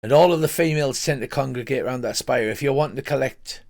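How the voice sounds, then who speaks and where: A man's voice: medium pitch, quick pace, vocal fry, a little mellow, close to an everyday voice. A man voicing a folksy, helpful old merchant who gives rambling advice. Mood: advising.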